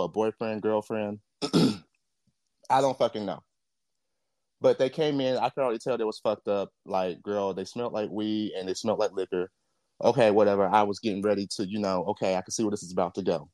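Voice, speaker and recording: A man's voice: on the low side, darkish tone, no room sound. A man co-hosting a podcast, talking in a blunt, profane and impassioned casual rant. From Jamaica. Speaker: podcast co-host.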